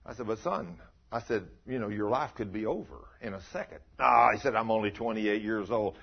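A man's voice: lowish voice, fairly quick, creaky, breathy edge. An older man preaching a folksy sermon, telling stories and asking his listeners questions. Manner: storytelling, asks the listeners questions. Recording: muffled lo-fi recording.

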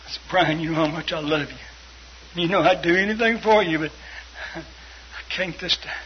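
High-voiced man telling a faith story. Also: normal speed, long pauses. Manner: acts out quoted voices, shouting and tearful in spots. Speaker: guest telling a testimony. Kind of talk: storytelling testimony. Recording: dull broadcast audio with faint hiss.

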